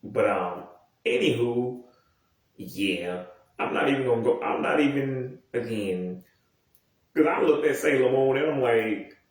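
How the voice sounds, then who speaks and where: A man's voice: medium pitch, animated, measured pace, long pauses. A man in his thirties rambling casually and profanely, with many restarts and asides. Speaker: video commentator. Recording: very echoey room, mic far off.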